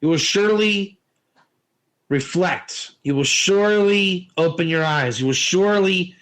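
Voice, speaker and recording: A man teaching a Torah lesson in an informal, animated way, telling stories and asking rhetorical questions. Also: high-pitched, unhurried, rough recording.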